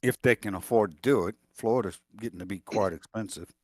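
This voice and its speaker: Male guest, lowish voice, rambling casual anecdotes, dry recording. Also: brisk, darkish tone, dry recording. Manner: rambling, hesitant with fillers. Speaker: guest chatting. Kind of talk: casual chat.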